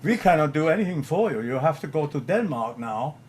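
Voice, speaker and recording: A man's voice: on the high side, expressive, fairly quick, a little mellow, lightly acted. An older man voicing a stiff, officious male customs official inside an anecdote.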